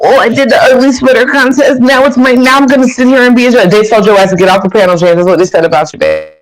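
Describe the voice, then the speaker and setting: A woman's voice: fairly high pitch, steady tone, quick pace, low-quality recording. A woman ranting on a live stream, cursing, combative and repeating her insults. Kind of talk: heated rant.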